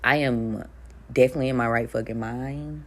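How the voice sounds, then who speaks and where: A woman's voice: a bass voice, steady tone, normal speed. A woman in her thirties telling her story in a casual monologue, blunt and profane, laughing between lines. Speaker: spiritual content creator.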